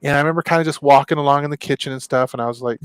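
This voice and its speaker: A man co-hosting a casual talk show, telling a story in an animated way and acting out his own past reactions in a raised voice. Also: on the high side, very fast, clean tone, no room sound. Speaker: show co-host.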